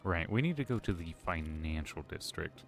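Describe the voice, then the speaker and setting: A man's voice: low voice, expressive, normal speed, vocal fry, soft background music. A man giving casual, joking live-stream commentary while playing a game, rambling with restarts, drinking as he talks. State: drinking alcohol.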